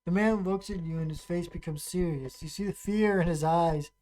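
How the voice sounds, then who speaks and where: A streamer casually playing a text adventure, reading the story aloud and thinking out loud while typing, often pausing and restarting. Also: medium pitch, poor audio. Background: keyboard typing and clicks.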